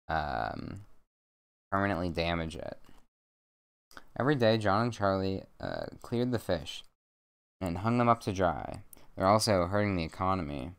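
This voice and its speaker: A young man streaming from home at a desk mic, reading a bedtime story aloud with rambling, jokey deadpan asides. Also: low voice, unhurried, creaky, long pauses, clean tone.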